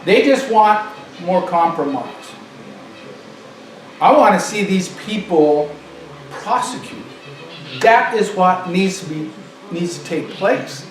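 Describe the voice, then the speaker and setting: A man's voice: sits high, expressive, slow, pauses often. A man delivering an emphatic political monologue, repeating phrases for stress, recorded far off in an echoey room with faint noise.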